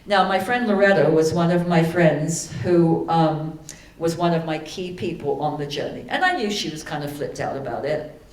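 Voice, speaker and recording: A woman giving a sermon, telling a personal story, then leading a slow, soothing guided meditation. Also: low-pitched. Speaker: spiritual speaker. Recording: echoey hall from far off.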